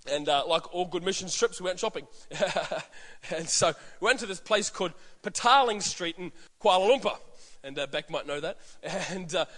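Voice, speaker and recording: An Australian pastor with a high-pitched, somewhat bright voice preaches a sermon full of stories, acting out voices and frequently restarting. The recording carries echoey hall reverb.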